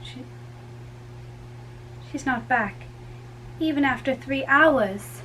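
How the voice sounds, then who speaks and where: A woman's voice: sits high, slow pace, bright, forceful tone, a little hiss or hum, full character voice, rough recording. A woman reading a play aloud, voicing an impatient young girl in love who presses and pleads for news. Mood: wistful. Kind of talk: dramatic reading.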